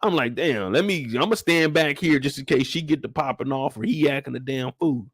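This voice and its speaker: A man casually recapping a show on a live stream, talking in an animated way and acting out the characters in exaggerated high voices, with a relaxed way of speaking. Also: a little fast, slightly rough, no room sound, studio quality.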